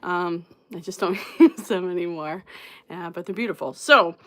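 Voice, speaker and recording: A woman's voice: on the low side, moderate pace, a bit bright. A woman in her thirties hosting a psychic reading livestream, greeting viewers by name in casual chat and laughing often. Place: home room with card decks on shelves behind.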